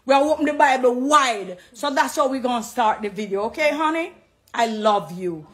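A woman's voice: high voice, moderate pace. Jamaican woman preaching to camera. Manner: animated, preachy, affectionate, mixing patois. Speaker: dancehall artist. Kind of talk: casual direct-to-camera talk.

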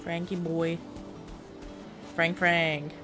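A woman's voice: lowish voice, flat delivery, extremely slow. Panicky swearing woman gamer over music. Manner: panicky, swearing, laughing, chatty with the enemy. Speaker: gaming YouTuber. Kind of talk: let's play commentary. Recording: game music playing behind the voice.

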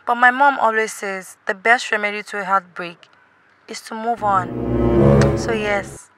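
A woman acting in a comedy sketch, soft-spoken and flirty. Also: medium pitch, steady tone, measured pace. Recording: loud music under the dialogue.

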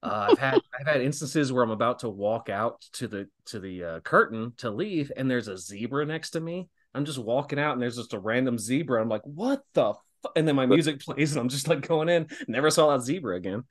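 Animated and full of laughter, a wrestling guest in his thirties tells casual stories and acts out quotes, speaking a little fast with few pauses at a medium pitch.

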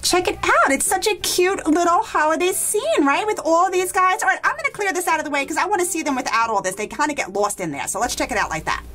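A woman's voice: very high voice, animated, fast talker, hardly any pauses, a bit bright. A woman hosting a toy unboxing vlog, gushing with enthusiasm and talking to her viewers as guys. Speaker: toy unboxing channel host.

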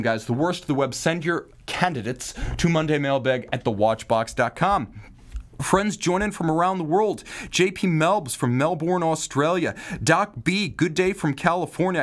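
A man hosts a live stream with a lively voice that swings up and down in pitch. He talks in a wry, theatrical way, full of mock outrage and jokes, at a middling pitch. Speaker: host of a live watch news show.

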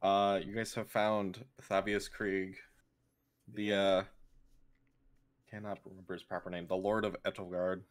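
A man's voice: low-pitched, level tone, a little slow, long pauses. A man narrating as game master of a tabletop game, hesitant and full of fillers.

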